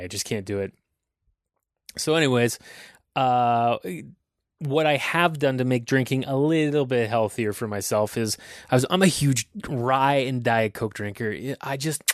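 A man's voice: medium pitch, no echo, clean studio sound. A man in his thirties hosting a podcast, ranting in a rambling, profane and self-deprecating way. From Canada. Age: 30s. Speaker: podcast host. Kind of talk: casual solo podcast rant.

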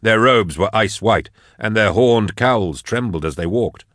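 A man narrates an audiobook at a measured, steady pace. His voice sits low and deep, and the recording is close and dry with no room sound. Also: no room sound.

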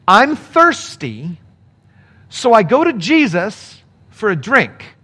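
Male pastor, sermon delivery, high-pitched, earnest, shifting pace for emphasis. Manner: earnest, animated preaching with quick bursts and slowed emphasis. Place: speaking to a remote congregation.

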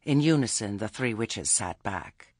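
A man's voice: on the low side, expressive, measured pace, a little mellow, breathy edge, dry recording, clean studio sound. A man reading a story aloud as narrator, with a wry telling. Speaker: audiobook narrator. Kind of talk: scripted narration.

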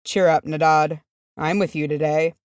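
Woman voicing a gentle teasing young dwarf. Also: low-pitched, steady tone, moderate pace, clean tone, no room sound, studio quality, natural voice.

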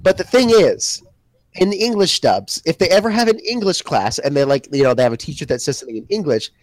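A man's voice: fairly high pitch, big pitch swings, fairly quick, no room sound. Blunt, swearing young man in a dry room. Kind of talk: casual podcast chat.

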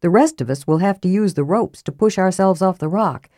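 A woman's voice: lowish voice, animated, brisk, mellow, no echo, clean studio sound, close to an everyday voice. A woman voicing a blunt young warrior in an audiobook reading, grumbling and casual in his speech. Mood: gruff. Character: gruff, worried big young warrior.

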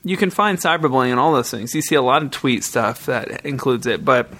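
A man's voice: mid-range voice, expressive, a little fast, a bit bright, slight background noise. A man co-hosting a video podcast, chatting loosely with lots of "like" and casual swearing. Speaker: podcast co-host. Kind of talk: casual chat. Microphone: studio podcast mic.

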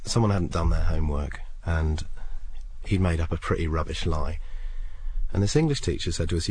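A man in his thirties with a notably deep voice tells stories from his life in a relaxed interview. He's a lively storyteller who slips into other people's voices when quoting them. A faint background noise hangs under the recording. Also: normal speed. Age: 30s. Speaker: comedian, interview guest. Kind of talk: casual anecdotal interview.

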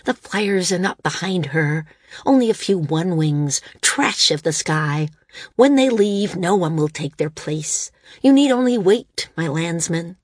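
A woman's voice: fairly low pitch, lively intonation, takes it slowly, husky, dry recording, clean studio sound, full character voice. A woman voicing a thin, stooped male flyer with a reedy voice and an ingratiating, deferential manner. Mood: fawning.

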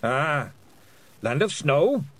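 A man's voice: a little high, sing-song, drawn-out words, pitched above the performer's own voice, heavily acted. A man doing a stern, curt elderly witch. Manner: curt, clipped questioning.

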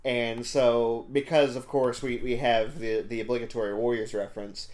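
A man's voice: medium pitch, flat delivery, normal speed, a little mellow. A man co-hosting a casual movie podcast, recapping the plot in a rambling way with many fillers. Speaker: podcast co-host.

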